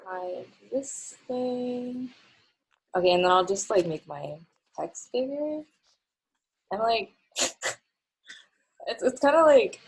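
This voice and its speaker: A young woman with a somewhat low voice runs a casual online coding class over a video call. She talks in a relaxed, chatty way, full of fillers and small laughs. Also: poor audio. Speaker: coding instructor.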